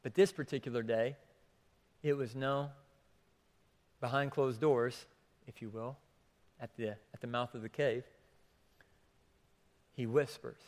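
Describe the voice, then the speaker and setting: A man preaching a sermon as pastor, repeating questions for emphasis and swinging between hushed and raised delivery. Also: medium pitch, fairly even intonation, slow pace, pauses often. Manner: repeats questions for emphasis, drops to near whisper then rises. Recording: long hall reverb.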